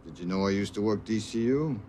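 A man's voice: lowish voice, brisk, dark tone, a little hiss or hum, lightly acted. An actor playing a tough male police detective who needles a suspect with sarcastic questions, in a film clip. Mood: pushy.

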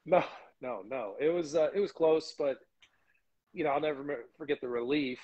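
A man with a husky voice speaks as an interview guest over a phone call. His talk is loose and casual, full of fillers. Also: on the high side, normal speed, darkish tone.

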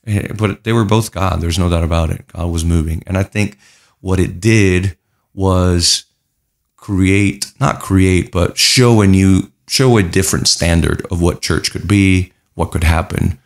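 Low-voiced pastor from Puerto Rico, earnest guest telling his story in lists. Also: steady tone, a little slow. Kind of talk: casual interview conversation.

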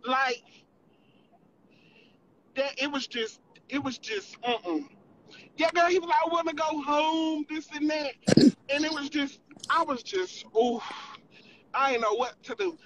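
A storyteller spilling gossip on a livestream, profane and animated, constantly calling the listener girl and boo. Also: mid-range voice, a little slow, long pauses, lo-fi sound, a little hiss or hum.

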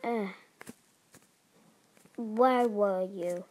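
A young woman giving casual, excitable commentary while playing a game with others. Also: medium pitch, drawn-out words, low-quality recording. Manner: playful, excitable, talks to other players. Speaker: gaming video host.

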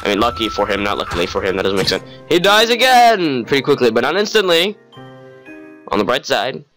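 Young male gamer, sarcastic play-by-play, animated and bright. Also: on the low side, quick pace, soft background music. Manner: wry, sarcastic narration of the action. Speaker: gamer playing a horror game. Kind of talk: let's play commentary.

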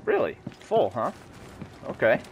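Animated joking let's play guy. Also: medium pitch, unhurried, vocal fry, a little hiss or hum. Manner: joking, rambling. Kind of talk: casual gameplay commentary.

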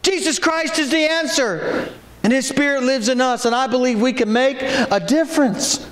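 Brief: man, pastor, very high voice, folksy stories and shouted calls, echoey sanctuary. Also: normal speed. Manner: folksy storytelling with sudden shouted exhortations. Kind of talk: sermon. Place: church sanctuary. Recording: echoey church room.

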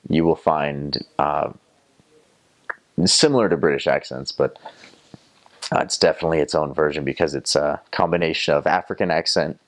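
A man in his twenties from North Carolina with a Southern American accent, telling relaxed, amused stories about his time abroad. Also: very deep voice. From North Carolina, USA. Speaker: returned missionary. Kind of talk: casual storytelling to camera.

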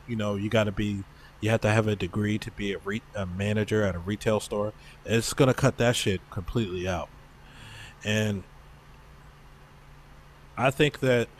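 A young man co-hosting a podcast in casual chat, speaking bluntly and swearing freely. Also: fairly low pitch. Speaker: podcast co-host.

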